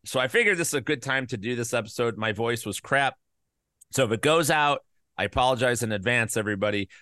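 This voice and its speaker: A male podcast host with a bright, forceful voice, recorded close and dry with no room sound. He rambles loosely and throws in crude jokes, and his voice sounds slightly worn from an illness he is getting over. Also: mid-range voice, no room sound. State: recovering from covid, voice slightly worn. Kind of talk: casual podcast chat.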